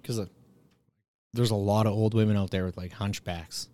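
A young man in casual chat, relaxed and swearing freely, laughing often as he tells a story. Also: fairly low pitch, moderate pace.

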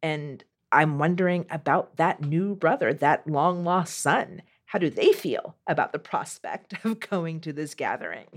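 A woman's voice: low voice, animated, a little slow, few pauses. A woman co-hosting an advice podcast, talking through a listener's question in a thoughtful, casual way. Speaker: podcast co-host.

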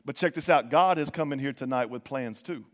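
A man preaching a sermon in a conversational, animated way, acting out quoted voices. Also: mid-range voice, a little fast. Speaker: pastor. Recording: long reverb of a large hall.

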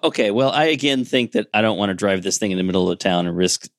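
A man's voice: on the low side, lively intonation, fast talker, dry recording, studio quality. A man playing a tabletop game, chatting casually and thinking aloud with some hesitation. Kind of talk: casual play chat.

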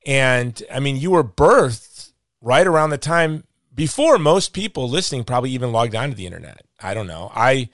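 A man's voice: medium pitch, big pitch swings, moderate pace, fairly bright tone, dry recording, clean studio sound. A man hosting an interview, chatty and full of joking asides and stories. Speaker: host. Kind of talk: casual interview chat.

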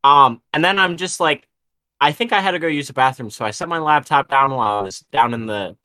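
A man's voice: mid-range voice, brisk, sharp tone, no echo. A young man co-hosting a podcast, rambling through a gaming story in casual chat and swearing freely. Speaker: podcast co-host.

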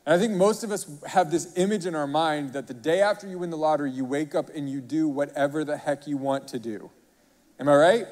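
A pastor delivers a sermon in a rather high voice, carried by the long reverb of a large hall. He tells stories animatedly and keeps asking the congregation rhetorical questions. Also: a little fast, a little mellow.

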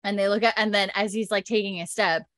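A woman's voice: mid-range voice, steady tone, quick pace, a bit bright, no room sound, studio quality. Chatty woman recapping a story. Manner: chatty, filler-heavy, laughs often.

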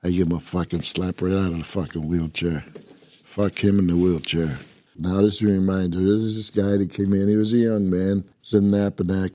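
A man's voice: sits low, steady tone, brisk, dark tone, no room sound. An older man from upstate New York, a former prison inmate telling his story in a blunt, rambling, constantly swearing way. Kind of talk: casual profane storytelling.

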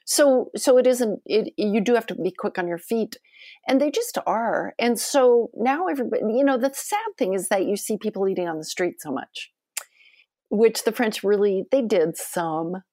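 A woman's voice: medium pitch, normal speed, warm tone, dry recording, clean studio sound. A woman talking as a podcast guest, chatty and effusive, with many fillers. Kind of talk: casual conversation.

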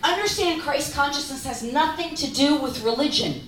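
High animated woman, echoey and distant. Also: moderate pace, slight background noise. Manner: animated, emphatic, rhetorical questions. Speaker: spiritual speaker. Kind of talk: spiritual talk. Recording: echoey room from far off.

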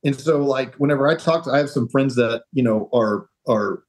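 A man's voice: medium pitch, normal speed, low-quality recording. A man talking as a podcast guest, earnest and rambling, restarting sentences and acting out quoted voices as he gives advice. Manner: acts out quoted voices of others. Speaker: podcast guest, real estate entrepreneur. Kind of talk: casual interview talk.

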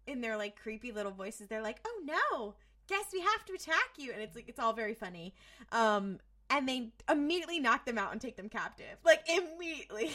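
A woman co-hosting a podcast, recapping a TV episode in casual chat, swearing freely and acting out lines. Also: on the high side. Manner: animated, swears freely, acts out quoted lines. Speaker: podcast co-host.

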